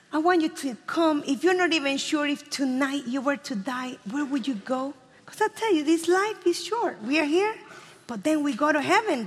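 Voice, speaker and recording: A woman preacher with a Spanish accent, a native Spanish speaker, giving a fast, impassioned evangelistic sermon that drops to hushed pleading. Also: high voice. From Spanish-speaking country. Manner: fast-talking, impassioned, swings from loud to hushed. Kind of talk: evangelistic sermon with altar call. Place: church hall. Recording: long hall reverb with soft music. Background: musicians playing softly.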